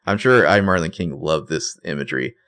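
A man's voice: low-pitched, brisk, fairly bright tone. A man co-hosting a podcast, animatedly retelling scenes and acting out the quotes in casual chat. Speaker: podcast co-host.

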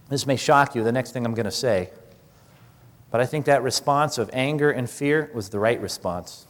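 A man preaching a sermon in a conversational way, asking the congregation questions and acting out what people in the passage say. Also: mid-range voice. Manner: conversational preaching with rhetorical questions and animated acted-out quotes. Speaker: pastor. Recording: long hall reverb.

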